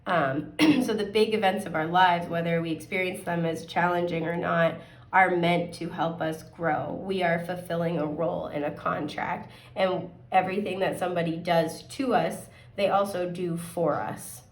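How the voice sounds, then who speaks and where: A woman giving a casual tarot card reading, chatty and upbeat, her voice a bit hoarse and often clearing her throat. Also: lowish voice, steady tone, normal speed, roomy sound, far from the mic. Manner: chatty, upbeat, rambling with fillers.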